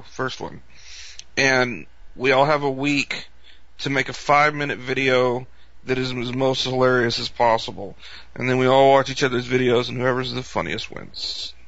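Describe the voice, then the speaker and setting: A young man chatting on a podcast, swearing freely and getting worked up as he tells a story. His voice is bright and forceful, and the dry, dull lo-fi recording has no room sound. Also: medium pitch, dry recording. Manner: animated, profane storytelling. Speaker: podcast co-host. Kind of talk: casual chat.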